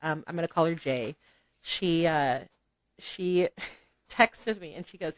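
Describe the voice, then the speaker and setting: Woman, podcast guest, lower pitch, dry sound, laughs often, casual "like" fillers. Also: moderate pace, no echo. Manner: giggly, animated storytelling with many "like" fillers. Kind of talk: casual interview chat.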